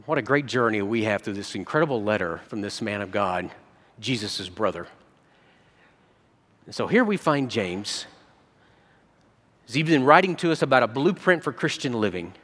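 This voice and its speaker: A man preaching a sermon as a pastor, telling stories and jumping between soft low asides and excited quoted voices. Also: moderate pace, long pauses, in a large hall.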